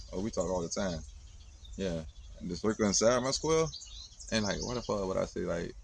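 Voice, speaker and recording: A man's voice: low-pitched, a little hiss or hum. A man in his thirties, hosting a podcast, talking casually and rambling bluntly with plenty of swearing. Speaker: podcast host. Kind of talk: casual monologue.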